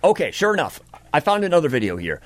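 A man's voice: on the high side, huge pitch swings, fast talker, no echo. A man hosting a morning radio show, chatting with the weather presenter in a playful, musing way. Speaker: radio host.

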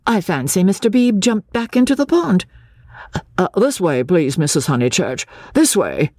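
A stiff young gentleman who gives curt, lowered orders, as a woman reader puts him on. The voice is dark and a little husky. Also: very animated, normal speed, dry recording, clean studio sound, exaggerated voice.

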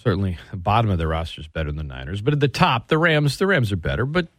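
A male sports radio host with a very lively, swooping delivery, sarcastic and opinionated. He speaks close to a studio mic in a dry, dead room with no reverb. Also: very fast. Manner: animated, sarcastic, swings pitch for emphasis.

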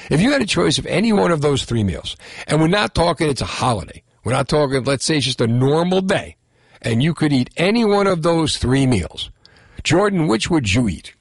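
A man's voice: fairly high pitch, normal speed, gravelly, no echo, clean studio sound. A middle-aged man hosting a radio talk show, joking and rambling about food. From Italian-American. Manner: animated, jokey, rambling. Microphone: studio microphone.

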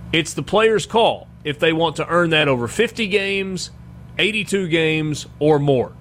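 A man's voice: fairly high pitch, unhurried, a little hiss or hum. Chatty man hosting sports radio. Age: 40s. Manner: chatty and self-deprecating, animated when joking. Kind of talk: casual sports radio talk.

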